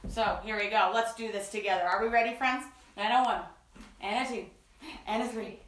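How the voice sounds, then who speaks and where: A woman's voice: fairly high pitch, steady tone, fairly quick, echoey room, recorded from a distance. A woman hosting a children's story time, talking in a playful, bubbly way to young kids.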